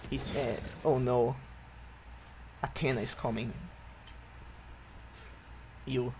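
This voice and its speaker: A man giving let's-play commentary on a game, breaking into excited, swearing outbursts at the action. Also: medium pitch, slow, slight background noise. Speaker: gameplay commentator.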